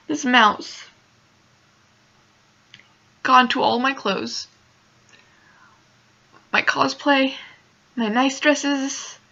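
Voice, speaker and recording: Young woman vlogger, upset and near tears, rambling, fry-heavy bright voice, muffled lo-fi audio. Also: sits high. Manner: emotional, rambling, many "like" fillers. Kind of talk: casual storytelling vlog.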